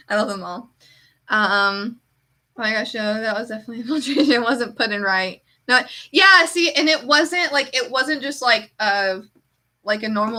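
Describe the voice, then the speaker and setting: Woman streamer, casual animated chat, bright tone, slightly high voice. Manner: chatty, heavy use of "like"; animated storyteller.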